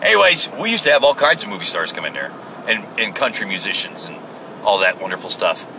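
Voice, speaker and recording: A man's voice: fairly low pitch, very animated, fast talker. A middle-aged man hosting his own show, rambling and joking through stories with lots of swearing, recorded in his car on the way to work. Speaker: podcast host. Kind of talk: casual storytelling monologue. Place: inside a car while driving. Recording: distant in-car recording with loud road noise.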